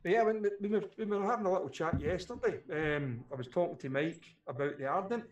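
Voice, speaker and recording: A man's voice: high voice, fast, highs cut off. A British man co-hosting a casual live stream, chatty and rambling, often repeating his words. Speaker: co-host.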